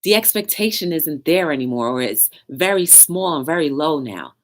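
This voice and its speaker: On her casual live talk show, a young woman talks at a normal pace in a low voice with lively intonation. She chats and preaches by turns, taking on viewers' comments as they come.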